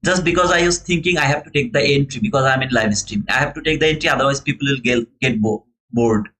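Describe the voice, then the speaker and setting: A man's voice: mid-range voice, fast talker, fairly bright tone, poor audio. Chatty man with a non-native English accent. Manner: chatty and earnest, greets viewers as brother. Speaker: live-stream futures trader and host. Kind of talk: casual live trading commentary.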